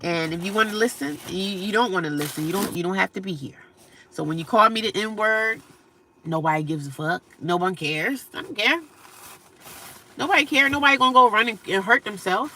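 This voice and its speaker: Gravelly, bright-voiced woman livestreamer. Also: mid-range voice, fairly quick. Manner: blunt, profane, animated, laughs often. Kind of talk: livestream chat reading comments.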